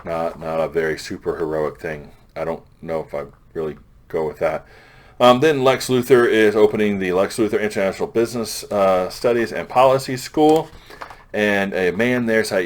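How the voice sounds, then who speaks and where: Casual comic reviewer, deep male voice, loose offhand retelling full of restarts. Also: normal speed, a little hiss or hum. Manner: loose, rambling plot recap with frequent restarts; paraphrases characters in a plain offhand voice. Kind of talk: casual chat.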